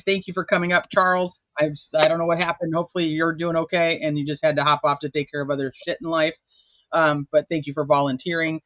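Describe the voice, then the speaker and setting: A man's voice: on the high side, a bit bright, dry recording. Chatty man hosting a livestream, somewhat muffled. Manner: rambling and chatty, with lots of filler words. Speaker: host. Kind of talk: casual livestream chat.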